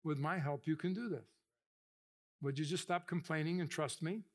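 A man voicing God as a calm, fatherly figure who gently reassures and encourages, in a soft, quiet voice. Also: fairly high pitch, moderate pace. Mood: reassuring.

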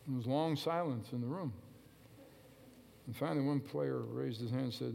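A man's voice: mid-range voice, moderate pace, vocal fry, long pauses. Emphatic man preaching a sermon. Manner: emphatic, repetitive exhortation with call-and-response.

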